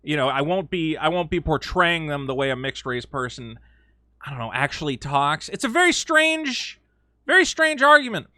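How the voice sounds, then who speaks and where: A man giving casual opinion commentary as a video host, animated and sarcastic, slipping into mocking quoted voices with frequent fillers. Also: fairly high pitch, normal speed, dry recording, clean studio sound.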